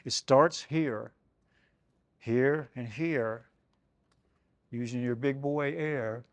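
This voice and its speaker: A man's voice: mid-range voice, very slow, long pauses, dry recording. An older man giving a saxophone workshop, talking loosely and conversationally, with many "you know"s and "man"s. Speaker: saxophone clinician. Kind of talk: casual spoken workshop talk. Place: music shop event space.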